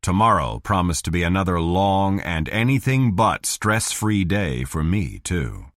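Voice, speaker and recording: A man reading a hardboiled detective audiobook in the first person, with a dry, measured delivery. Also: low voice, big pitch swings, no room sound. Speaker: audiobook narrator.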